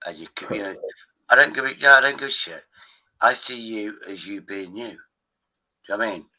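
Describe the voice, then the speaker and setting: Forceful, cursing streamer. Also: male voice, lowish voice, expressive, fairly quick, rough recording. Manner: rambling and profane. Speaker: live stream host. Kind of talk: casual chat.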